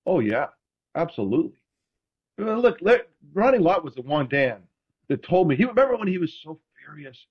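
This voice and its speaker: A man telling stories in casual chat, animated and self-deprecating, acting out quotes. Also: fairly high pitch, normal speed, breathy edge, muffled recording. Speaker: podcast host, former NFL quarterback.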